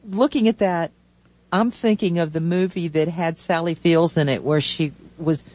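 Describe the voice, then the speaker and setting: Man, radio host, fairly high voice, casual chat, laughs easily, rambling. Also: fairly even intonation, normal speed, a little mellow, no room sound. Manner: chatty, laughing, searching for words. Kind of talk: casual radio chat, reading listener comments.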